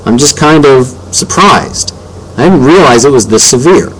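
A man voicing a worried, gossipy suburban mother in an audiobook reading, in a higher, anxious voice. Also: animated, normal speed, fairly bright tone, husky, low-quality recording. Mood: concerned. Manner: anxious and fussy.

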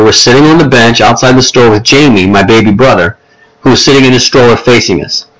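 A man's voice: mid-range voice, a bit bright, poor audio. A man reading a first-person audiobook story in a plain, conversational way. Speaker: audiobook narrator.

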